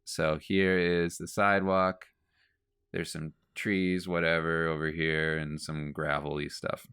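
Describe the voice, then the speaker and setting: A man with a low, smooth voice tells a meandering story at an unhurried pace, with lots of casual asides. The sound is dry and close, with no room around it. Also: no echo. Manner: rambling, animated storytelling with frequent asides. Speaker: comic artist and podcast host. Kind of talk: casual storytelling while drawing.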